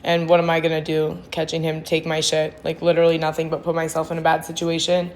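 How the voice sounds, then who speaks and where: A woman's voice: low voice, completely flat delivery, fast talker. A woman telling her own story straight to camera, blunt and slangy, swearing freely and rambling with restarts and lots of "like". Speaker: vlogger sharing her sobriety testimony. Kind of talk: candid personal storytelling.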